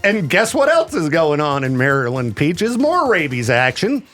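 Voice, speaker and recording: A man's voice: fairly high pitch, wildly swooping pitch, normal speed, a bit bright, soft background music. A man co-hosting a radio show, chatting about odd news items and laughing a lot. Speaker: radio co-host. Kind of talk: joking radio banter. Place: radio studio.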